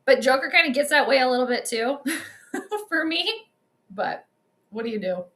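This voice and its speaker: A young woman hosting a livestream, giving chatty and excitable commentary on a basketball game straight to her viewers. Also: high voice, normal speed. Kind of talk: casual live commentary.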